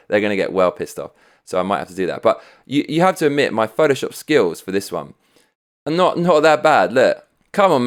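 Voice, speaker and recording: A man hosting his own vlog, ranting to camera in a swearing, sarcastic, chuckling way from his home studio. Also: lowish voice. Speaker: vlogger host. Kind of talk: casual profane rant to camera.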